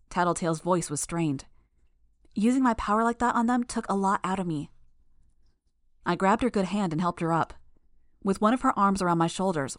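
A woman reading a first-person action novel as an audiobook in a steady, measured way. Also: lowish voice, no room sound, clean studio sound. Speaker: audiobook narrator.

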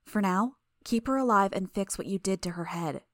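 A woman voicing a sly young woman in a fan audiobook, speaking in a smooth, coaxing way. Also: mid-range voice, moderate pace, no room sound, clean studio sound, lightly acted.

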